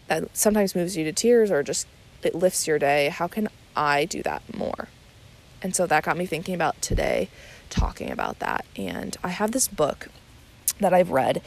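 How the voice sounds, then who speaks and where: A woman's voice: fairly low pitch, creaky. A young woman hosting a casual solo podcast, chatty and rambling, with many fillers and restarts. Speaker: podcast host.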